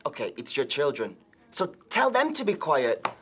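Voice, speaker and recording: A woman's voice: deep voice, very animated, normal speed, breathy edge, exaggerated voice. A woman acting out a harried person trying to work amid noise, sighing in exasperation. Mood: exasperated.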